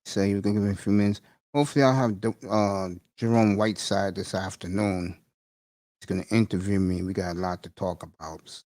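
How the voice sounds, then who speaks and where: A deep, slightly mellow voice with fairly even intonation comes from a middle-aged man hosting a morning talk stream. Talking a little fast, he chats loosely with listeners in casual, slangy banter and often laughs.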